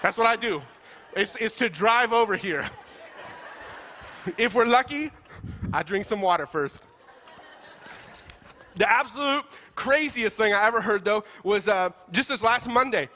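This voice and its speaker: A man preaching a humorous sermon, telling self-deprecating stories in an animated way and laughing as he talks. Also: sits high, unhurried, pauses often, slight background noise. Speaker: pastor.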